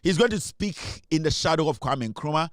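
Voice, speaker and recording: A man's voice: on the high side, lively intonation, moderate pace, dry recording. Ghanaian man, dry close commentary. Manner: many fillers, repeats slogans. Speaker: online show host. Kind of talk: casual political commentary.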